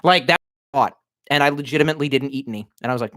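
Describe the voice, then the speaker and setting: A man's voice: medium pitch, rapid-fire, sharp tone, no room sound, clean studio sound. Tipsy man ranting on a livestream. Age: 30s. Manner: rambling, profane, sardonic. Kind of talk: casual livestream rant. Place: cramped bedroom at home.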